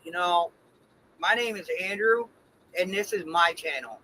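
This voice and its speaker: A man's voice: sits high, animated, unhurried, pushed and bright, a little hiss or hum, low-quality recording. A man hosting his own livestream, talking bluntly and defiantly with plenty of swearing. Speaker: channel host in a played clip. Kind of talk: heated livestream talk.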